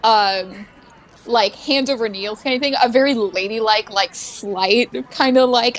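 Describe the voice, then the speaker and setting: Rambling woman player, slightly high voice. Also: measured pace, rough recording. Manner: rambling, filler-heavy. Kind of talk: casual tabletop play.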